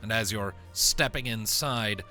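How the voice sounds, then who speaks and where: A man narrating a tabletop game as game master, chatty and quick to laugh, with faint music underneath. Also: fairly low pitch, pushed and bright. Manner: laughs often, loose and chatty.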